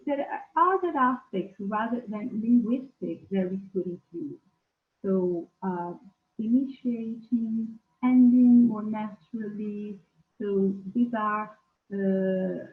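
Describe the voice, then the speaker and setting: A woman leads a teacher-training webinar at an unhurried pace, posing questions and picking up answers from attendees. She speaks from an other than English. Her voice arrives through a thin, phone-like call line with a roomy echo. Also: mid-range voice. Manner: slow, questioning, reads out learners' answers. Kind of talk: webinar lecture. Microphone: video call. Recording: echoey, tinny video call.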